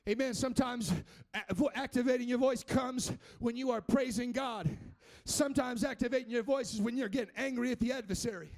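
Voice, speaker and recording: A man preaching a fervent sermon, often shouting and chanting, with frequent "uh" and "amen". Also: extremely high pitch, fairly quick.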